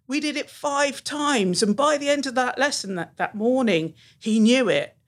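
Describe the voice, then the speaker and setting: A woman, a teacher telling lively classroom stories as a podcast guest. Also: sits high, normal speed. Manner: animated storyteller who acts out the people she quotes. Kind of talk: storytelling in a podcast interview.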